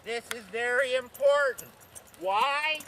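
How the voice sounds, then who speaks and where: Male riding coach mounted outdoors; pitched high, crisp, talks through drills and counts the rhythm. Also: takes it slowly, bright, forceful tone, a little hiss or hum. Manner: counts strides aloud, checks in with "okay?". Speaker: horse riding instructor. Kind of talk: instructional talk while riding. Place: outdoors on horseback.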